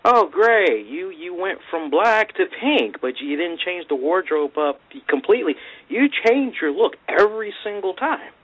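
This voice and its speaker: A man's voice: high-pitched, big pitch swings, measured pace, slightly rough. A man hosting an interview, chatting in an easygoing, casual way. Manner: easygoing, uses fillers. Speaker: show host. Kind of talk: casual chat. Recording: dull lo-fi internet radio audio.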